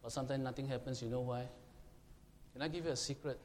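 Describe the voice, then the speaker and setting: A man's voice: mid-range voice, steady tone, quick pace. Emphatic male preacher in an echoing hall. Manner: emphatic, questions the congregation, shouts to illustrate. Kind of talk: sermon. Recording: long hall reverb, faint room noise.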